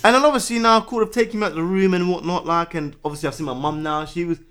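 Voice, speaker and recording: A young man tells a personal story in a casual conversation. His voice sits a little high and his words tumble out quickly. He keeps slipping into animated re-enactments of how he reacted, full of slang fillers. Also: smooth. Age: 20s. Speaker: guest.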